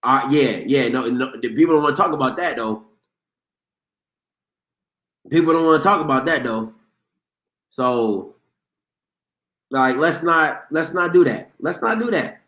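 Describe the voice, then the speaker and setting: Animated slangy man hosting sports talk. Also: medium pitch, unhurried, long pauses, roomy sound. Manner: animated, emphatic, slangy, repeats himself. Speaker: host of a live sports talk show. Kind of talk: casual sports commentary.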